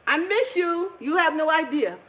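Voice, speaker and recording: A woman's voice: very high voice, animated, normal speed. A woman hosting a home cooking livestream, chatting with viewers, laughing often. She is recorded in her kitchen with faint background noise. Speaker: cooking channel host. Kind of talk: casual cooking livestream chat. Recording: tinny phone-like audio with faint noise.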